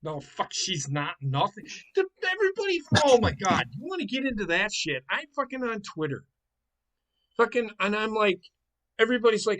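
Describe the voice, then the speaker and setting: A man hosting a casual chat over a call, ranting with constant swearing, swinging from muttering to yelling. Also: high voice, big pitch swings, moderate pace, poor audio. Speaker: host. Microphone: headset or desk mic on a call.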